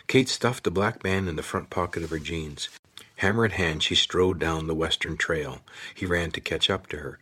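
A man narrates an audiobook in a steady, measured way. His voice sits very low, with a husky, slightly rough edge. He keeps an even storytelling pace.

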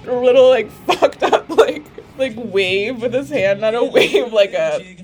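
A woman's voice: on the high side, animated, unhurried, darkish tone, faint music behind. Giggly, swearing woman podcast host. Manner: giggly, laughs through her words, swears a lot. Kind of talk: casual comedic monologue.

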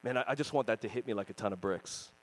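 A man in his thirties preaching a sermon as pastor, animated and joking, sometimes acting out other people's voices. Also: fairly low pitch, fast, poor audio. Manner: animated, jokey, acts out voices and screams.

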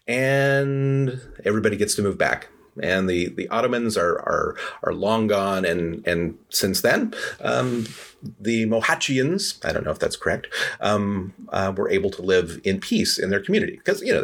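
Low husky male storyteller. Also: fairly bright tone. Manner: rambling, hesitant with fillers. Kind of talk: casual storytelling.

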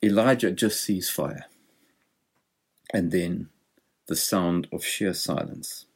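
Male preacher, lower register, reflective expository sermon delivery. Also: darkish tone. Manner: thoughtful, explanatory preaching.

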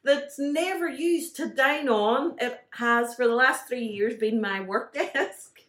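A woman's voice: on the high side, takes it slowly, a bit bright, reverberant. A woman with a Derry accent from Northern Ireland, co-hosting a casual podcast with her husband at home, chatty and teasing and often laughing. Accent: Northern Irish, Derry. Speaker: podcast co-host. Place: home kitchen.

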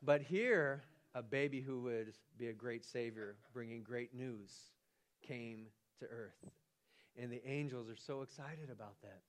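A man preaching a sermon as pastor, animated, often restarting and repeating his words. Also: medium pitch, measured pace. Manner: animated, acts out the angel's lines with rising excitement.

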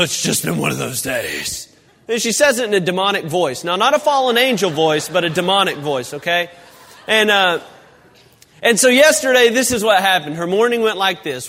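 A pastor delivers a relaxed, chatty sermon, wandering into folksy asides and restarts. His voice sits high for a man. The church sanctuary leaves a long reverberant tail on every phrase. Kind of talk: casual sermon.

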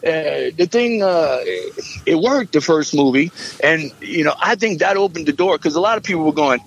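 A man's voice: fairly high pitch, lively intonation, moderate pace, dull audio, slight background noise. A man, a musician and filmmaker, telling rambling stories in casual chat and acting out what people said. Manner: rambling storyteller, acts out quotes.

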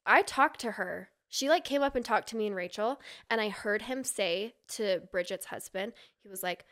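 A woman's voice: medium pitch, moderate pace, few pauses, a bit bright. A woman from Utah, a podcast guest, telling a long gossipy story in casual chat and acting out the people she quotes.

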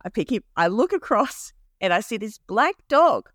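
A woman's voice: mid-range voice, big pitch swings, normal speed, dry recording, clean studio sound. A woman co-hosting a podcast, telling a story in casual chat and laughing often. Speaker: podcast co-host.

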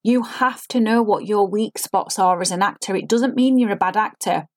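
A woman's voice: medium pitch, moderate pace, darkish tone. A woman, an acting coach giving an earnest, explanatory spoken lesson and demonstrating line readings.

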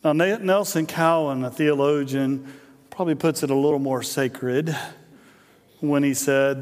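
A man's voice: a little high, measured pace, a little mellow. A middle-aged man preaching a sermon as a pastor, in a conversational, joking storytelling manner that often repeats "and, and". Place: church sanctuary. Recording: long hall reverb in a church.

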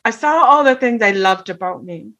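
A woman's voice: on the high side, expressive, normal speed, fairly bright tone. A middle-aged woman telling a personal story in an earnest way, often checking in with "right?". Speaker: guest.

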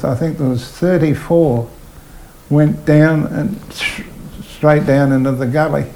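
A man's voice: fairly high pitch, unhurried, a little hiss or hum, poor audio. Older Australian man spinning yarns. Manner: animated yarn-spinner, voices people in his stories. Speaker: retired train driver. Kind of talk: oral history interview storytelling.

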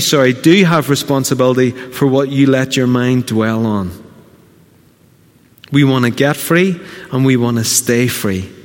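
In a church hall with a big-room sound, a pastor from Northern Ireland with a mid-range voice preaches a sermon. He is earnest and exhorting, putting direct questions to the congregation.

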